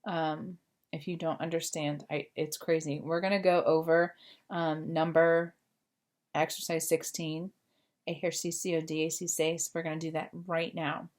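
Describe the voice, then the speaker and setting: A woman's voice: low-pitched, level tone, unhurried, darkish tone. A woman teacher explaining a grammar lesson to her students, patient and full of fillers. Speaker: Spanish teacher. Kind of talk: recorded remote class lesson.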